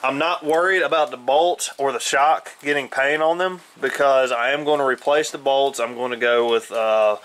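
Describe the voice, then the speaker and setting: A man's voice: mid-range voice, moderate pace, hardly any pauses, a bit bright, poor audio. Casual man rambling through a garage project. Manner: rambling, frequent ums and uhs. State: groggy, just woken up. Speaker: DIY fabrication vlogger. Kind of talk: casual workshop vlog. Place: inside his house.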